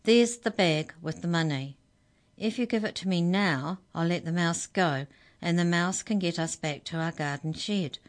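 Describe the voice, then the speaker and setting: Desperate scheming girl, as a woman reads her, pleading, anxious, pitched up high, storybook. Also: normal speed, natural voice.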